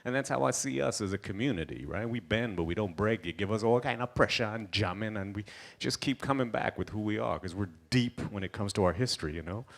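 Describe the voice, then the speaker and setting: A man's voice: on the low side, vocal fry. A man from Trinidad with a Trinidadian accent, performing a stand-up comedy set on a gala stage and acting out the characters in his stories. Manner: animated storyteller acting out characters. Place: stage at an indoor gala event.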